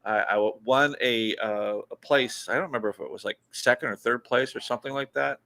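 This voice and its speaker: Lively, bright-voiced man hosting a podcast. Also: mid-range voice, a little fast, vocal fry. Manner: laughing, animated banter. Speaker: podcast host. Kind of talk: casual live podcast chat.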